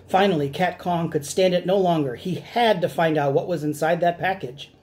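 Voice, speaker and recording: A man, a teacher, reading a storybook aloud to children with expressive, dramatic delivery. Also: fairly high pitch, normal speed.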